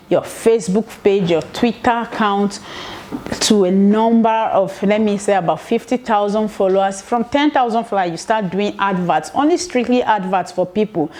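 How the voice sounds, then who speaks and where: A woman's voice: mid-range voice, warm tone. A Nigerian woman, a mother, chatting casually in a vlog as she gives business tips, rambling with conversational asides. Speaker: vlogger giving business tips.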